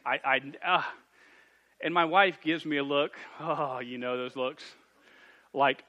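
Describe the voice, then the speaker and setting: Bright-voiced man preaching. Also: fairly high pitch, moderate pace. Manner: jokey, self-deprecating storytelling with lively asides. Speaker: youth pastor. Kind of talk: sermon to a youth group and parents. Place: church youth room.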